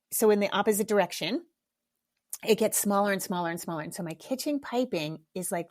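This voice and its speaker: Middle-aged woman talking solo on her podcast, chatty and frank, swears casually, laughs at herself a lot. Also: medium pitch. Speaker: podcast host.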